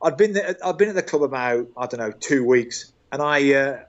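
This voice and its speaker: A man's voice: mid-range voice, moderate pace. An older man with a Birmingham accent, a guest telling football dressing-room anecdotes with chuckles and lots of "mate". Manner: animated storyteller, chuckles through tales, calls people mate. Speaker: guest, former club staff. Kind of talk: anecdotal interview storytelling. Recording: dull lo-fi call audio.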